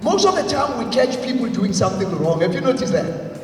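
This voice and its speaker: A man's voice: very high-pitched, big pitch swings, brisk, crowd noise. A man giving an emphatic motivational leadership talk, leading the audience in repeat-after-me lines. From South Africa. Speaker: motivational speaker. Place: large congress hall. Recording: echoey hall, voice from far off, faint music.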